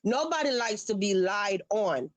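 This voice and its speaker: A woman's voice: mid-range voice, expressive, measured pace, no room sound, low-quality recording. A woman hosting a livestream, talking emphatically and passionately straight to her viewers. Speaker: livestream host. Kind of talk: heated livestream commentary.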